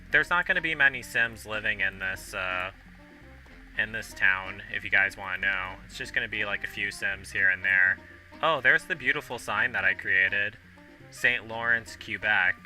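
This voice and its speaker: A man's voice: on the low side, moderate pace, sharp tone. Chatty young man rambling over game music. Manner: rambling, chatty, many fillers and restarts. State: hiccuping. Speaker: gaming video host. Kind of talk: casual rambling commentary while playing.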